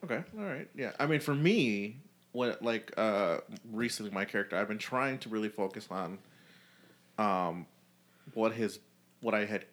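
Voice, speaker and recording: A man's voice: lowish voice, expressive, normal speed, fairly bright tone. A man hosting a casual podcast chat, who rambles with lots of fillers. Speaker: podcast host.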